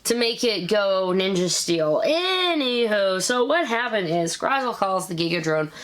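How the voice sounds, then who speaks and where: A woman in her thirties hosting a casual episode review, chatty and animated, with quick asides. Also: mid-range voice. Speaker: show review host.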